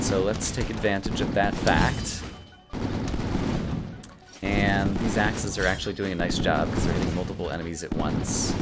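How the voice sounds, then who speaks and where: A gaming video host, a man with a lowish voice, rattles off casual let's-play commentary, stumbling over words and getting worked up while game music plays underneath.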